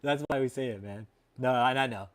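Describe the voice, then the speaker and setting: Man, livestream host, casual and foul-mouthed, mid pitch, chuckles a lot. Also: a little fast. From Texas. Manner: profane and laid-back, calls people dude and man; laughs often at his own jokes. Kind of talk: casual livestream chat with viewers.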